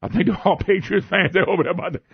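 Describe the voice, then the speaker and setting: A man's voice: high-pitched, rapid-fire, creaky, breathy edge, no echo. A man hosting a radio talk show, telling a story with lots of laughter and retold quotes. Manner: animated storytelling, laughing, retelling his own quotes. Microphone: studio microphone. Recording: muffled radio broadcast audio.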